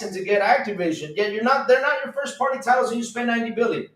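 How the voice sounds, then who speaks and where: A man hosting a live stream, reading chat aloud and reacting with excitable disbelief and frequent laughter. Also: high voice. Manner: excitable, incredulous, laughing, rapid swings in loudness.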